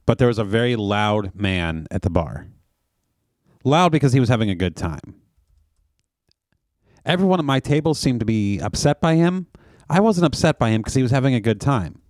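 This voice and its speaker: A man's voice: mid-range voice, lively intonation, moderate pace, long pauses, darkish tone, dry recording, studio quality. A man co-hosting a casual comedy podcast, telling rambling, self-deprecating anecdotes. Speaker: podcast co-host.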